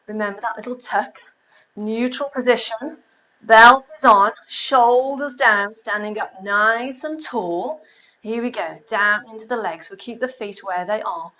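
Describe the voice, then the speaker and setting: A woman with a mid-range, pushed and bright voice leads a live pilates workout from a home room with an exercise mat, counting reps aloud and chatting between exercises. She is slightly out of breath, and the recording sounds muffled.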